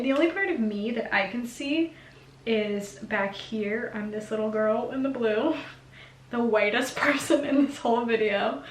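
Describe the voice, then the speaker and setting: A young woman vlogger chatting casually and giggling, full of fillers. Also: fairly high pitch. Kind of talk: casual chat. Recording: echoey room.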